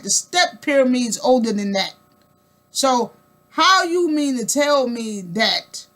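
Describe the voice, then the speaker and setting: A woman speaks in a high, unhurried voice, talking straight to her viewers in a casual monologue. She is emphatic and colloquial, repeating words for weight and asking the listener rhetorical questions. Her talk rambles with restarts as she builds her point. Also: animated, fairly bright tone. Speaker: vlogger.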